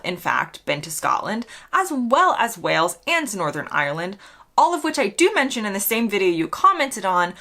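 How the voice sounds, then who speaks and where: An American woman with a croaky voice, reading out comments and answering them with dry, mock-sincere sarcasm. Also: mid-range voice, bright, forceful tone. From United States. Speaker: vlogger.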